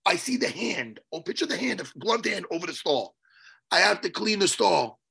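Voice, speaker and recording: A man telling a story on a podcast in a casual, animated way, swearing and loudly acting out what people said. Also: high voice, moderate pace, gravelly, husky. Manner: animated, swearing, acts out his own quotes loudly. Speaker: podcast co-host.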